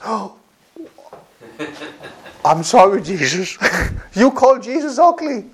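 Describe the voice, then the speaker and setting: Male preacher, high voice, animated delivery, frequent laughs and repeated phrases. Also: slow, long pauses, breathy edge. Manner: animated, repetitive, laughs often. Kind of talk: sermon.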